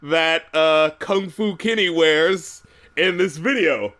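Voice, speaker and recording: A man co-hosting a podcast in casual chat, excitable, laughing often and acting out quotes. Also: fairly high pitch, takes it slowly. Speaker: podcast co-host.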